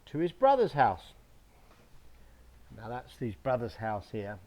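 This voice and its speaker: Slow, animated man reading to kids. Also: mid-range voice. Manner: animated, slow and expressive with sound effects. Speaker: storyteller. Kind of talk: reading a picture book aloud to children.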